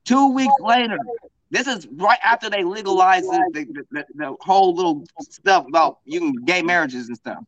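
A man's voice: sits high, moderate pace, fairly bright tone, no echo, highs cut off. A man from the US Northwest telling a long, profane story on a casual podcast, often asking "you feel me". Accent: US Pacific Northwest. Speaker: podcast co-host.

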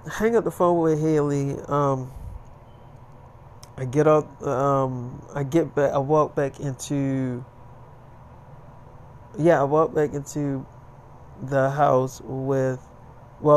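A man's voice: medium pitch, a little mellow, slight background noise. A young man telling a rambling first-person story, casual and crude, with lots of fillers.

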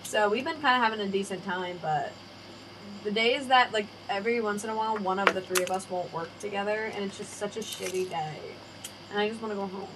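Talking briskly at a medium pitch, a young woman hosting a podcast rambles casually through stories. She swears freely and performs the voices she quotes, with faint noise in the background.

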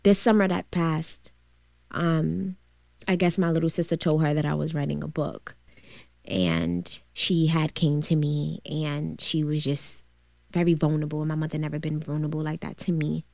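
A woman's voice: low-pitched, moderate pace, creaky, dry recording. Earnest woman, dry close sound. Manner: earnest, pressing questions, softens when recounting. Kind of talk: emotional casual chat.

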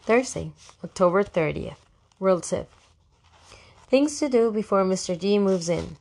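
A woman's voice: mid-range voice, expressive, measured pace, creaky, a little mellow. A woman narrating an audiobook as a first-person diary, in a wry, fussy teenage diarist tone.

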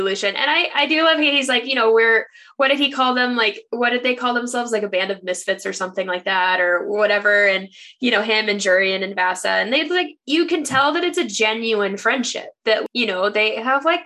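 A woman's voice: a little high, pushed and bright. A woman co-hosting a casual book podcast, emphatic and exasperated, often self-deprecating. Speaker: podcast co-host.

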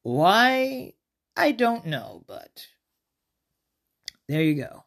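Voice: mid-range voice, sing-song, drawn-out words, vocal fry, fairly bright tone. A podcast host chats through a movie review in a loose, unscripted way. Sentences ramble and restart as thoughts come. The delivery sounds informal and conversational. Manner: rambling, self-interrupting, chatty.

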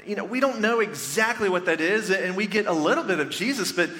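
Bright-voiced pastor preaching in a reverberant hall. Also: male voice, high voice, lively intonation, a little fast. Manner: chatty, joking, talks directly to the congregation. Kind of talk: conversational storytelling sermon. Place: church sanctuary before a congregation. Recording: long reverb of a large church hall.

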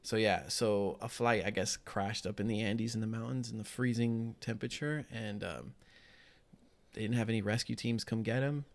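A man's voice: lowish voice, steady tone, normal speed, creaky. Chatty man co-hosting a home podcast. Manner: rambling, loose, with lots of "uh" and "like". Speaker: podcast co-host. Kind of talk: casual true-crime podcast chat. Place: small home loft.

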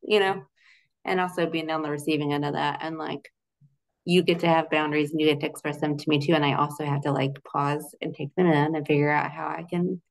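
A woman's voice: low-pitched, fairly even intonation, brisk, creaky. A young adult woman in a casual interview, talking in a chatty, loose way with many "like" fillers and frequent laughs. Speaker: guest, Christian relationship coach.

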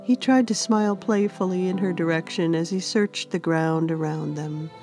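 A woman author narrating her own fantasy storybook in a gentle, unhurried reading. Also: fairly low pitch, faint music behind.

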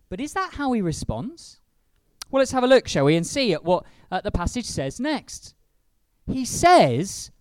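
A man's voice: very high-pitched, wildly swooping pitch, unhurried, dry recording. A man leading a church service and preaching, acting out quoted lines with big rises in his voice. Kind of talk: sermon.

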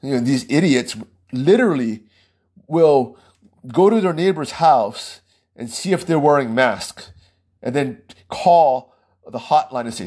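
Man, podcast host, heated rambling monologue, husky voice, laughs between points. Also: mid-range voice, expressive, unhurried, a little mellow. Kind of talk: political commentary monologue.

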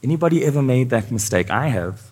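A man's voice: mid-range voice, animated, quick pace, darkish tone, breathy edge. A male pastor preaching a sermon, asking his congregation questions as he goes. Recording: live church sound with long reverb.

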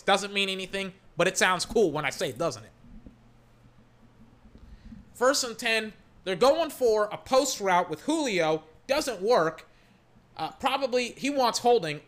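A football fan doing live reaction commentary on a game, swearing a lot and yelling at the referees in loud, ranting outbursts. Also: mid-range voice.

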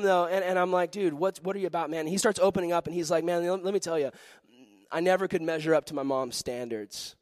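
A young man preaching to a youth group, telling a story with lively acted-out voices and frequent laughter. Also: sits high, fast talker, dry recording. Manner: animated, acts out voices in his story, laughs often. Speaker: pastor.

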